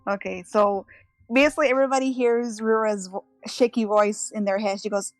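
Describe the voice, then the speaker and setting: A woman player narrating her character in third person, casual and expressive. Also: mid-range voice, brisk, no room sound, faint music behind, rough recording.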